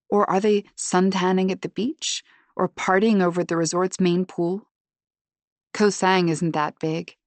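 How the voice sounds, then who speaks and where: Low-voiced woman narrating an audiobook. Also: darkish tone, no echo. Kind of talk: first-person audiobook narration.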